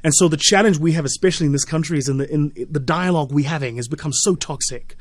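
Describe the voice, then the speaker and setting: A man in his twenties, a motivational speaker, talking fast and emphatically in a radio studio interview. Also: fairly high pitch, no room sound. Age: 20s. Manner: fast, emphatic, preacherly delivery. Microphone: studio microphone.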